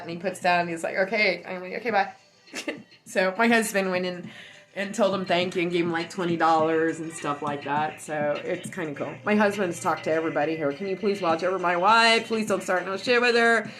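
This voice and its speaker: Loud woman chatting on a livestream. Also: medium pitch. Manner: loud and animated storytelling. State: high from cannabis. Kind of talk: casual livestream chat. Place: at home indoors.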